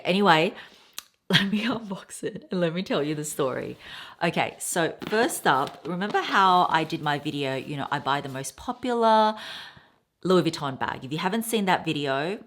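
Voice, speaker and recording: A woman in her thirties chatting casually as a vlogger, rambling and telling a story while unboxing. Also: low voice. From Australia. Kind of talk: casual haul chat.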